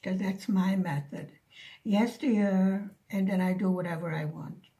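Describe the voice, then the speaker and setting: A woman vlogger chatting softly and musingly with her viewers while doing a diamond painting. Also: fairly low pitch, fairly even intonation, normal speed. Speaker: craft vlogger. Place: living in Hungary, at home.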